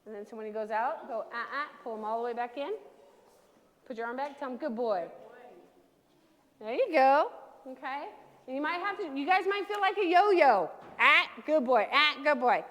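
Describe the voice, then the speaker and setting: A woman's voice: sits high, brisk, big-room sound. A woman dog trainer teaching a dog training class, coaching owners and checking in with a frequent "okay?".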